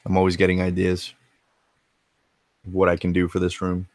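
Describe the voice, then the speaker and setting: Chatting with viewers during a casual retro gaming livestream in his home game room, an American man rambles easily and swears without restraint. He speaks in a low, slightly mellow monotone at normal speed, recorded with no echo.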